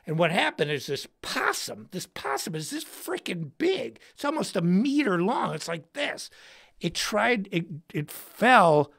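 A man hosting a livestream and telling a story in an excitable, slangy way, shouting words for emphasis. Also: high voice, a little slow, gravelly. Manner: slangy, says dude and bro. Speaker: host and guitarist.

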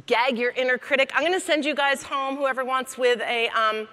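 A woman giving a comedic keynote talk on stage, chatty and lively, laughing between lines. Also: high-pitched, moderate pace. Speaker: keynote speaker. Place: large hall on stage. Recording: echoey hall reverb.

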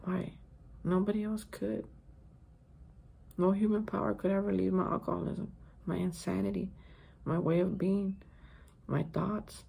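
Woman vlogger, casual daily reflection, gravelly and husky, emphatic with repeated words, hotel room. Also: medium pitch, flat delivery, unhurried, long pauses, mellow. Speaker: recovery vlogger.

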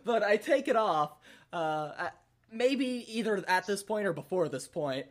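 A man's voice: high-pitched, lively intonation, measured pace. A young man casually telling a rambling, profane party story on a podcast, laughing often. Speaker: podcast host.

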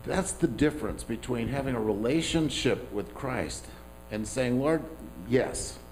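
A man's voice: mid-range voice, animated, measured pace, darkish tone, slight background noise, rough recording. A man preaching a sermon as pastor, talking in a conversational, self-deprecating way with asides to the congregation.

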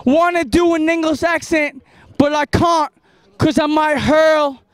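A very high-voiced man spits a cocky freestyle rap on a street corner at night. He rhymes in quick bursts and breaks into laughter between bars, recorded on a handheld camera out in the open street. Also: steady tone, no echo. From New York. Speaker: rapper.

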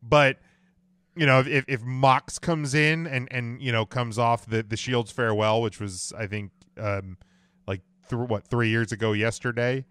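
A man's voice: mid-range voice, fairly even intonation, unhurried, a bit bright, smooth, dry recording. A man hosting a casual podcast chat, thinking aloud and passing the talk to his co-hosts. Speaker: podcast host.

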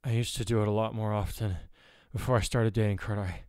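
A man's voice: lowish voice, fairly even intonation, quick pace, darkish tone, smooth, no room sound, studio quality, natural voice. A man voicing a distraught teenage hero girl. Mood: weary. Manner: tired and short of breath while jogging.

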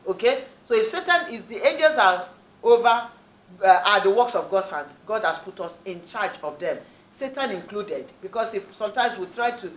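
Emphatic woman preaching in an echoey hall. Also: medium pitch. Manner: emphatic, repeats key phrases, frequent "praise the Lord". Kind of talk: sermon with scripture reading. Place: church hall.

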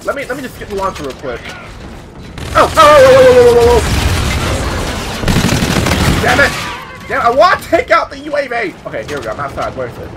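A young man giving casual, excitable commentary while playing a shooter game, swearing often and yelping when hit. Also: high-pitched, fast. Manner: excitable, swears a lot, yelps at hits. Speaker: gaming YouTuber. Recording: game noise under the voice.

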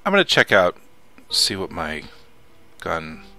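A man with a low, gravelly voice and a bright, edgy tone chats his way through a survival game. He mutters to himself between actions and swears when something startles him. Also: huge pitch swings, a little slow, soft background music. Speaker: let's play host. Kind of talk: casual gameplay commentary.

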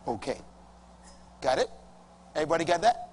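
A man's voice: high voice, sing-song, moderate pace, a little hiss or hum. A middle-aged male pastor preaching a sermon emphatically, stretching key words and calling on the congregation to respond. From Bahamas. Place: church hall before a congregation.

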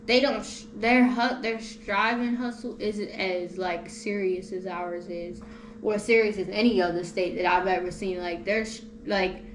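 A young woman hosting a podcast, telling travel stories in animated slang-filled casual chat. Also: mid-range voice, a little slow. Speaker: podcast host. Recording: echoey room with faint noise.

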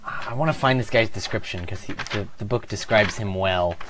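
A man's voice: on the low side, normal speed, heavy background noise. A man running a tabletop game, rambling and searching aloud as he describes a character. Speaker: game master. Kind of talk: casual tabletop game narration.

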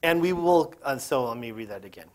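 A man's voice: mid-range voice, animated, a little fast. A man leading a group Bible lesson, reading scripture aloud with casual, joking asides. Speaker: Bible teacher.

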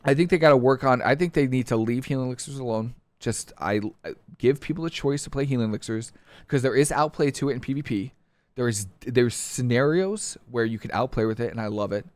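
A man chats through game update notes in a casual, opinionated ramble, stopping and restarting his sentences. His voice sits at an ordinary middle pitch. The recording is dry, with no room sound. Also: brisk, darkish tone, no room sound. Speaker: streamer reviewing game patch notes. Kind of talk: casual commentary.

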